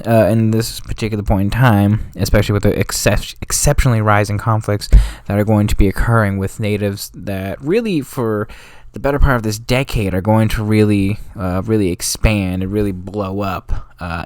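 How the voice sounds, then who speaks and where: A man with a lowish, slightly mellow voice casually explains history as a channel host at a moderate pace. He is slangy and offhand, rambling, drifting into street talk, and frequently correcting himself. The recording is dry and studio quality.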